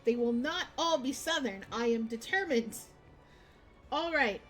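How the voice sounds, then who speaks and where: Woman game streamer, higher pitched, chatty, self-interrupting commentary. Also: moderate pace, soft background music. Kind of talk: casual let's-play commentary.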